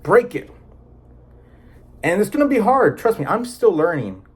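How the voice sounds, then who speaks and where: Man, slightly high voice, earnest, rambling casual vlog delivery, lots of "you know". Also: sing-song, unhurried, breathy edge. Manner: rambling, earnest, many fillers and restarts. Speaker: vlogger sharing personal experience. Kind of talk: casual personal talk to camera.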